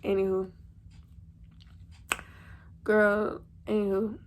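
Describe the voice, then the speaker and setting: A woman's voice: mid-range voice, completely flat delivery, extremely slow, a little hiss or hum. A young woman, telling a storytime vlog to her viewers in a slangy, chatty way. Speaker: vlogger.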